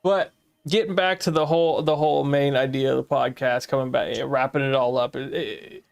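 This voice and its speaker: A man's voice: medium pitch, fairly even intonation, a little fast, gravelly, clear, resonant tone. An American man co-hosting a podcast in casual chat, rambling and laughing often, with some swearing. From United States. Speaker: podcast co-host.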